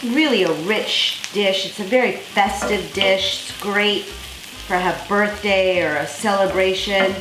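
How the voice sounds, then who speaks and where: A woman's voice: medium pitch, takes it slowly, echoey room. A woman hosting a cooking demonstration in a kitchen, talking viewers through each step in an effusive, enthusiastic, chatty way. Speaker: cooking show host.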